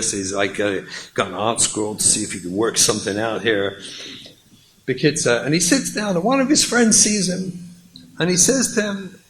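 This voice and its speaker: A man, a rabbi, telling a lively story in a lecture and acting out the dialogue. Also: mid-range voice, slight background noise, poor audio.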